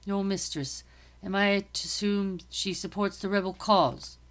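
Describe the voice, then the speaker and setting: A woman's voice: mid-range voice, steady tone, measured pace, lightly acted. A woman reading as a stern army captain. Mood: formal. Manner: formal, clipped, raised commanding voice. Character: stern male British army captain, middle-aged, commanding.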